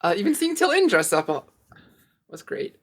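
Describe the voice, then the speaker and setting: A woman co-hosting a podcast, chatting casually with quick asides and easy laughter. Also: medium pitch, big pitch swings, breathy edge. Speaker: podcast co-host. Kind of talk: casual chat.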